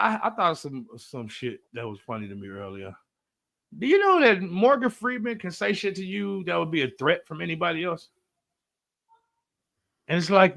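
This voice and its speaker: A man co-hosting a podcast in casual chat, telling animated, profane stories and acting out other people's voices. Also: on the high side, gravelly, no room sound, studio quality. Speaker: podcast co-host.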